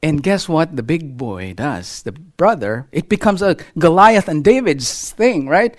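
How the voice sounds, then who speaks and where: A middle-aged man preaching from the pulpit in a higher-than-usual voice. He swings up and down in pitch as he tells his story and keeps putting rhetorical questions to the congregation. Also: very animated, unhurried. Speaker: pastor. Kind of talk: sermon with a children's illustration.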